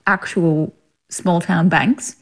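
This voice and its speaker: Chatty Australian actress. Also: female voice, lowish voice, steady tone, takes it slowly, creaky. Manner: chatty, frequent laughter and "like" fillers. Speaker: actress, interview guest. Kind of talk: casual interview.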